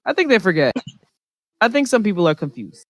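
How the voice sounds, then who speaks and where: A woman's voice: medium pitch, big pitch swings, brisk, dry recording. Sarcastic Jersey woman podcast host, dry mic. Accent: New Jersey. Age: 20s. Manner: blunt, sarcastic, laughing at herself. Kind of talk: casual chat. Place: online voice chat from home.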